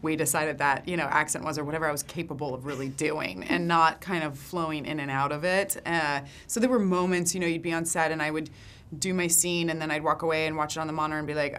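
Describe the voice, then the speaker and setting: Woman, low voice, animated, laughs easily, faint background hiss. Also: a little fast. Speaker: actress interviewed. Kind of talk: casual interview chat.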